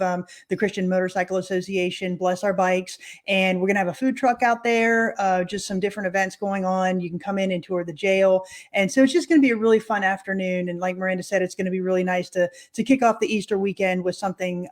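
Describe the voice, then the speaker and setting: Affirming woman co-host. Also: medium pitch. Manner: supportive, affirming, stumbles on words. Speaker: podcast co-host. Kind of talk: casual live podcast chat.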